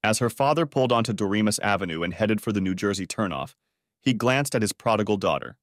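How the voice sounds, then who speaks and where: A man's voice: on the low side, expressive, fast, no room sound. Man reading an audiobook, dry sound. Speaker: audiobook narrator. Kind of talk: scripted narration.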